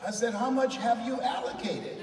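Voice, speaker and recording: An extremely high-pitched man talking at normal speed delivers a motivational speech to a crowd in a big hall. Animated and full of stories, he leads call-and-response repetitions, captured from far off with echo and faint noise.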